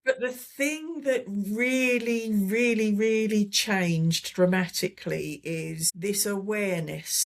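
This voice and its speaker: A woman's voice: mid-range voice, slow, creaky, few pauses. A woman, a holistic therapist, talking enthusiastically as an interview guest, often repeating words as she gathers her thoughts. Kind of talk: casual testimonial chat.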